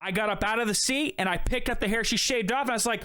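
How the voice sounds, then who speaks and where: A man's voice: high-pitched, fast, smooth. A man on a casual podcast, telling a story with lots of swearing and acting out both sides of the dialogue. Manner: animated, profane, acts out both sides of dialogue. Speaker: podcast co-host.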